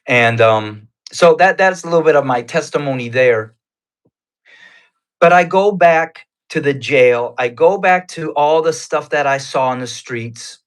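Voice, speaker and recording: A man's voice: a little high, expressive. A man giving his personal faith testimony as a guest, telling it in an earnest, conversational way. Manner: earnest, conversational, unhurried retelling.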